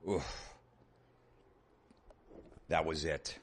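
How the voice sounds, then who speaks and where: A man's voice: very deep voice, slow, long pauses, sharp tone. A man hosting a comedy podcast, ranting sarcastically and profanely in a loose monologue. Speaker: podcast host.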